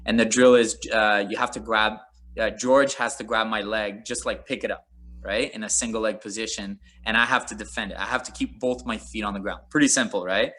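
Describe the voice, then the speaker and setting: Animated bright-toned former fighter. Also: male voice, fairly low pitch, brisk. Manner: animated, rambling, laughs often, many fillers. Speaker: former MMA fighter, guest. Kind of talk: casual interview storytelling.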